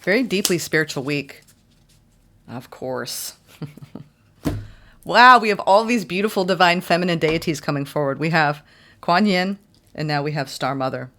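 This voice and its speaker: Soft-spoken woman tarot reader. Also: low-pitched, animated, moderate pace, pauses often. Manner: soft, gentle, affirming. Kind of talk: spiritual tarot reading.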